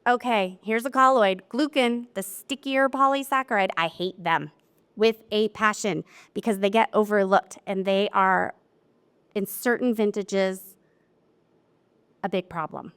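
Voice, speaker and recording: Lively woman presenting a technical seminar. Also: medium pitch, measured pace, clear, resonant tone. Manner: chatty and lively, acts out client quotes. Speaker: wine lab specialist presenting a seminar. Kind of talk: live technical seminar talk. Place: seminar room with an audience.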